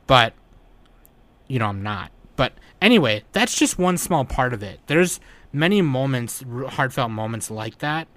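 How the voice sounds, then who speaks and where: A man's voice: medium pitch, sing-song, a little slow, a bit bright, dry recording. A man in casual chat, rambling and retelling scenes with quoted lines, swearing now and then. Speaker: podcast host reviewing anime.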